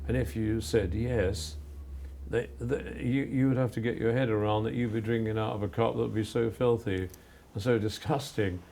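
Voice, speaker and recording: An older man from England, a photographer, giving earnest, measured answers in an interview, often restarting his sentences. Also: fairly low pitch, fairly even intonation, gravelly, warm tone, slight background noise. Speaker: photographer guest.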